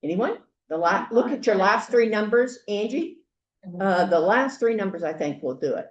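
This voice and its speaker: A woman's voice: medium pitch, animated, roomy sound, muffled recording. Chatty older woman hosting a meeting. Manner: chatty, halting, with many fillers. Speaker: meeting host. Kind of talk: casual welcome remarks. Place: meeting room.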